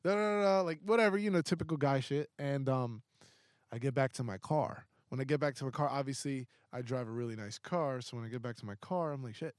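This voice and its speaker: A young man, a podcast guest, telling a story in a casual, animated way, with heavy swearing and lots of fillers. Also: mid-range voice, a little fast, no room sound, clean studio sound.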